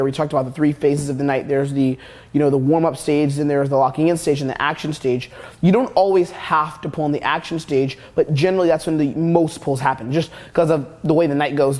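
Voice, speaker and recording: Fast-talking brash young man coaching. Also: a little high, a little mellow. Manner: brash, profane, rapid-fire coaching talk. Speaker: dating coach. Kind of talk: instructional course lecture.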